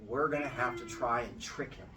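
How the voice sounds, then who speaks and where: A man's voice: mid-range voice, fairly quick, pushed and bright, a little hiss or hum, pitched below the performer's own voice, lightly acted. A man voicing an exasperated, scheming male god who patiently explains things to foolish humans. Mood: explaining. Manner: impatient, explaining to fools. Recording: from far off in a room.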